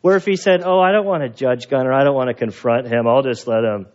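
A man preaching a sermon as pastor, telling stories in an animated way and acting out the voices of the people in them. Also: mid-range voice, quick pace, muffled recording. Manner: animated storyteller, acts out quoted voices. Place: church.

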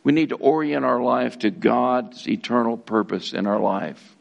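A middle-aged man delivers a sermon with a gravelly edge to his voice. He preaches earnestly, piling up repeated words for emphasis and calling his congregation folks. His pitch sits at an ordinary middle level for a man. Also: a little slow, highs cut off. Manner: addresses listeners as folks, occasional restarts. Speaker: pastor.

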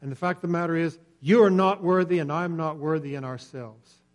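A man preaching a sermon in earnest, swelling louder on key points and dropping nearly to a whisper. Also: fairly high pitch, fairly quick. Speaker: pastor.

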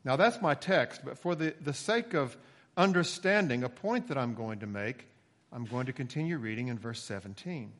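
A man preaching a sermon, measured and deliberate, slowing down to stress key phrases. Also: mid-range voice, animated, fairly bright tone, long reverb tail. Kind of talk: sermon with scripture reading.

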